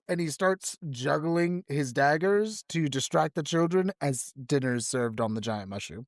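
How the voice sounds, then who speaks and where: A woman playing a character in a tabletop game, wry in tone and dropping into a low, polite voice for her character. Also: animated, normal speed, few pauses, no echo, clean studio sound. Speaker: player.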